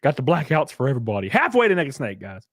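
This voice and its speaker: A man's voice: mid-range voice, wildly swooping pitch, quick pace, no echo, clean studio sound. A man hosting a casual commentary stream, ranting sarcastically and swearing freely. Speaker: streamer host.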